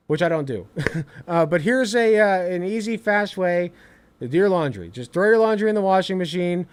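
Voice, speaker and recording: A man streaming reaction commentary, ranting in an animated, exasperated way with lots of swearing. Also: high voice.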